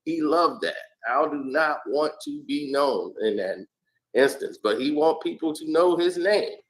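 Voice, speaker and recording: Animated man telling boxing stories. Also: on the high side, a little slow, poor audio. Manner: animated, lively storyteller. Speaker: interview guest. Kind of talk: casual storytelling.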